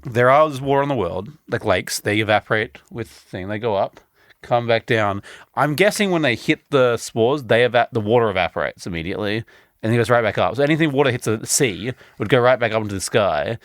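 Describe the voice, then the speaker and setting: A man's voice: mid-range voice, expressive, a little fast, no echo, studio quality. A man co-hosting a casual podcast, blunt and jokey, swearing freely. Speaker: podcast co-host.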